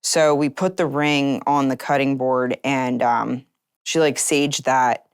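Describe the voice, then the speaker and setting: Very deep-voiced woman telling a personal story. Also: steady tone, slow pace, smooth. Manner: chatty, heavy use of "like" fillers. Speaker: interviewee.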